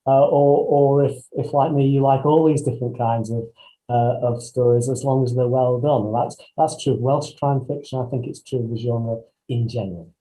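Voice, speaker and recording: Man, very mellow dark voice, panel guest, measured, small restarts. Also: medium pitch, fairly even intonation, poor audio. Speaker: panel guest, crime author. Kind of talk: casual online panel chat.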